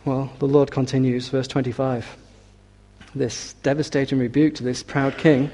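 A man preaching a sermon, reading scripture slowly and building to forceful, emphatic declarations. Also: mid-range voice, level tone. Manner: reads scripture aloud with slow weight.

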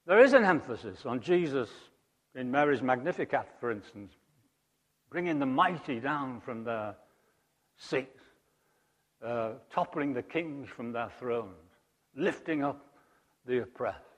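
A man preaching a sermon, emphatic, rising to loud high peaks and dropping to quiet asides. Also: animated, a little slow, long pauses. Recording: long hall reverb.

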